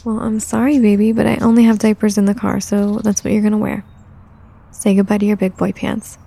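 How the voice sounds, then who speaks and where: Husky, creaky woman in whispered role-play. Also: medium pitch, flat delivery, a little fast. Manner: soothing, coaxing caretaker talk, mostly soft and close.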